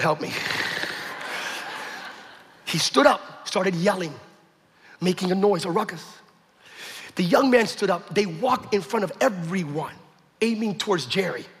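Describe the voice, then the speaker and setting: A man preaching a sermon, telling a story with acted-out quotes and building to shouts. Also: high voice. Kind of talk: sermon testimony. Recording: echoey hall with long reverb.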